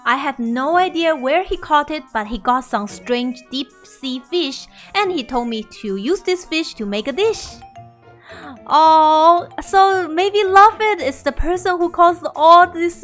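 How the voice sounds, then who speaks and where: A woman's voice: high-pitched, a bit bright. A young woman hosting a game video, commenting on a playthrough in a bubbly way and often laughing.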